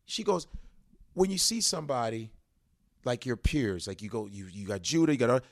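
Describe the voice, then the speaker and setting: A man's voice: mid-range voice, lively intonation, moderate pace, dry recording. A man guesting as a comedian on a podcast, talking loosely and profanely and acting out the people he quotes. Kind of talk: casual podcast chat.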